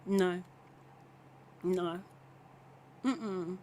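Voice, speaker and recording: A woman's voice: fairly low pitch, fairly even intonation, very slow, warm tone, slight background noise. A woman hosting a live recap podcast, chatting casually and bluntly with opinions, laughing often and trailing off mid-thought. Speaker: podcast host reacting to a reality show.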